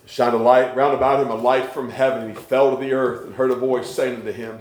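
A man preaching a sermon, rhythmic and swinging between hushed lows and shouted peaks. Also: fairly even intonation, takes it slowly, pauses often, echoey room.

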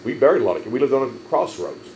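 A man preaching a sermon, telling stories emphatically and swelling loud on key lines. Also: medium pitch, lively intonation, rapid-fire, slight background noise, low-quality recording. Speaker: pastor.

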